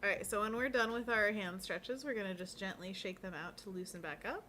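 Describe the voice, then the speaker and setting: A woman of middle pitch co-hosts a casual livestream, talking viewers through stretches and chatting. She is light, giggly and playful. A faint hiss of noise sits behind her. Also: a little fast, pushed and bright. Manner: guides a hand-stretch routine, giggly and playful. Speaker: co-host of an art livestream.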